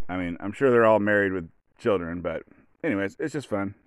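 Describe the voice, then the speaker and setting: This Oregon podcaster in his late forties has a lowish, expressive voice and a brisk delivery with no echo. He rambles through a long, winding story, cursing casually and stumbling over fillers and restarts.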